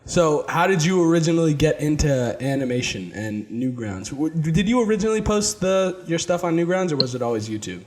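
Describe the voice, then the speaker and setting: A man's voice: on the high side, expressive, fairly quick, hardly any pauses, darkish tone. A man hosting a podcast interview, chatting casually in a jokey way and laughing often. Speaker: podcast host.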